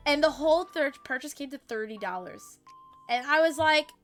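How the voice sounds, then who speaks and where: A woman with a high, sharp-edged voice chats with her stream while playing. She tells stories in a loose, chatty way, swears freely and laughs easily, then breaks off to answer her chat. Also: expressive, normal speed, soft background music. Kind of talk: casual chat while gaming, storytelling to chat.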